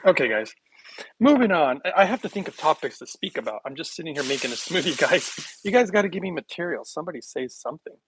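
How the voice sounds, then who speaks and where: A man hosting a casual health livestream, rambling and joking with viewers, laughing often while making a smoothie in his kitchen. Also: on the high side, sing-song, fast, fairly bright tone, slight background noise, low-quality recording.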